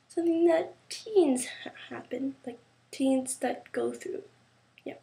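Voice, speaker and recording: Teen girl vlogger, somewhat high voice with vocal fry, rambling, halting delivery. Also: a little mellow. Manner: rambling, halting, many fillers and restarts. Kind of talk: casual talk to camera.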